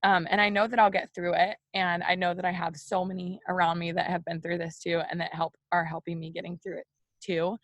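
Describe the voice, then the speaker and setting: A woman's voice: fairly low pitch, flat delivery, a little fast, a bit bright, no echo. A woman hosting a casual morning video chat, speaking openly and directly to her viewers as "you guys", with many "like" and "you know" fillers. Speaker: host of a morning live video for women.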